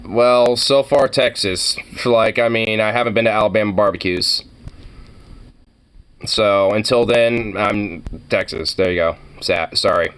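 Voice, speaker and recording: A reaction video host from Oregon, this man speaks at a fairly low pitch and a measured pace, his tone clear, resonant and a bit bright. His casual commentary rambles, he swears freely, and he laughs often.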